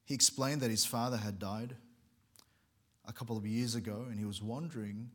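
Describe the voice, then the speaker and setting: A man with a somewhat low voice preaches, telling a story from the pulpit in an earnest, measured way. He sometimes stumbles and restarts a phrase. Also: fairly even intonation, fairly bright tone. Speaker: pastor. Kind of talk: sermon storytelling.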